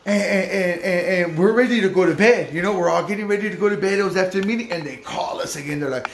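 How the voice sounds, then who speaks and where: Slangy, profane man with a higher voice. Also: fast, reverberant, slight background noise. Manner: profane street slang, lively retelling. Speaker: vlogger recounting a recovery-home stay. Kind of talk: casual storytelling to camera.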